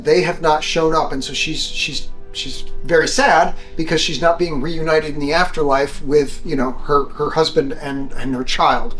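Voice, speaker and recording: Male game master, fairly high voice, loose rambling narration, faint music under him. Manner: rambling, loose, many fillers and restarts.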